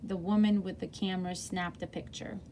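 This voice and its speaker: A woman's voice: lowish voice, little pitch movement, moderate pace, warm tone, slight background noise. A woman reading a chapter book aloud to children in a friendly way, with small slips and self-corrections.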